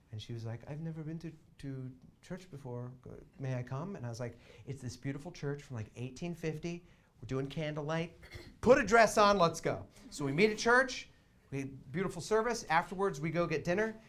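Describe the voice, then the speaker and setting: A young man doing stand-up storytelling in a small theater, swinging between quiet asides and loud excited bursts. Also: mid-range voice. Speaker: comedian.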